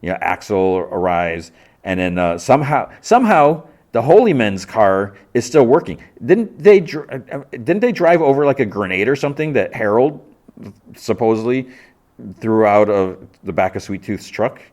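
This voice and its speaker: A man's voice: medium pitch, very animated, moderate pace, a little mellow. A man hosting a podcast, casually recapping a TV episode with stumbling restarts and questions to himself. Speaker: podcast host.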